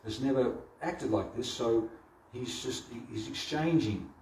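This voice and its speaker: A man leading a devotional scripture class, retelling the story with halting repeats and restarts. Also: mid-range voice, heavy background noise. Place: temple hall. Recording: roomy hall from far off.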